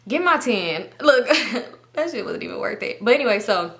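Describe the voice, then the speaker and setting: A woman's voice: on the high side, animated, moderate pace, vocal fry, fairly bright tone. A young woman vlogger telling a rambling, slangy, profane story in a casual way and acting out what everyone said.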